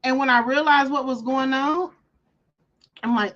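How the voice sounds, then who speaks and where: A woman with a fairly high voice chats casually on her craft livestream, spinning stories and mimicking the people she talks about. The audio sounds a little dull and muffled. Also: a little slow, pauses often, fairly bright tone. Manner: chatty storyteller, acts out callers' voices. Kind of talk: casual chat.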